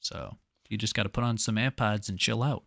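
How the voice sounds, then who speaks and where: A man's voice: on the low side, brisk, vocal fry, dry recording, studio quality. A man co-hosting a podcast in casual, crude chat, telling stories with acted-out quotes. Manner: animated storytelling with acted-out quotes. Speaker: podcast co-host.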